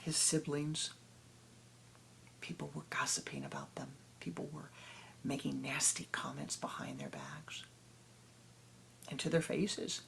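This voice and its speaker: A woman spiritual teacher telling a parable in a meditation talk, dramatic and rhythmic, often dropping to a hush. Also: sits low, creaky, slight background noise.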